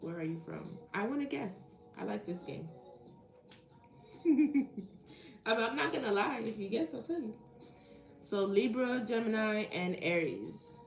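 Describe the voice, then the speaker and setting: A woman hosts a live tarot stream, chatting playfully with viewers and reading their comments aloud. Her medium-pitched voice is animated with vocal fry, at a measured pace with long pauses. The room is echoey, with faint music behind.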